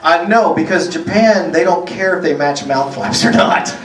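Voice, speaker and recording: A man's voice: fairly high pitch, normal speed, fairly bright tone. Man, voice actor, joking panel Q&A, roomy hall echo, distant mic. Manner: joking, irreverent. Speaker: voice actor answering fan questions. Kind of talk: convention panel Q&A. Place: large convention hall. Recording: echoey hall, far from the mic.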